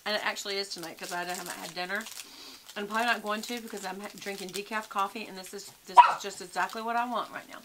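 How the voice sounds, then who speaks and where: A woman vlogger chats casually to camera, rambling to her viewers at home and calling them y'all. Her medium-pitched voice is steady in tone and fast, with background noise present.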